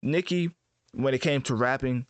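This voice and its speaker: A man giving casual commentary as host, rambling and correcting himself in relaxed slang. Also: medium pitch, moderate pace, no echo. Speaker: host ranking rappers.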